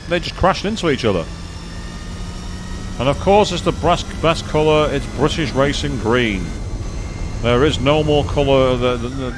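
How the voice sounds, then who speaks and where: A man chatting excitedly as he commentates his own racing game play, thinking aloud to viewers. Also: mid-range voice, background noise. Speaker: gaming streamer. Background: game music and engine sounds.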